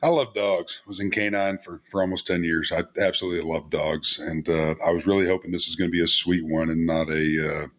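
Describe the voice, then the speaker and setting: A male co-host, a former police canine handler, speaking haltingly in casual live-stream chat. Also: low-pitched, steady tone. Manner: halting, with fillers.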